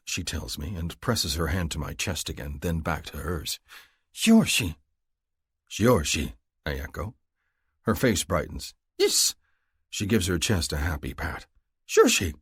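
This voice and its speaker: A man narrating a story in first person, with a measured, grave delivery. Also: sits low, breathy edge, no echo, clean studio sound. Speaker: audiobook narrator.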